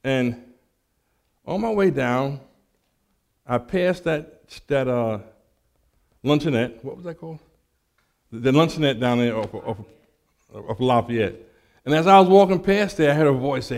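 A man preaching a sermon and telling a personal testimony, animated and acting out the dialogue, with frequent stammered restarts. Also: medium pitch, measured pace, gravelly, long pauses.

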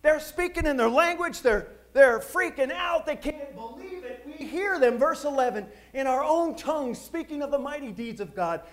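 A middle-aged man preaching a sermon, telling stories with jokes and asides in an animated way. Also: very high voice, normal speed, few pauses. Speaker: pastor.

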